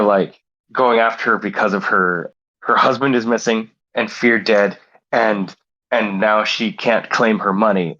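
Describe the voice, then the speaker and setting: Man, low voice, casual podcast co-host, playful rambling storyteller, slightly muffled lo-fi audio. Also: fairly bright tone. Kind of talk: casual chat, improvised movie pitch.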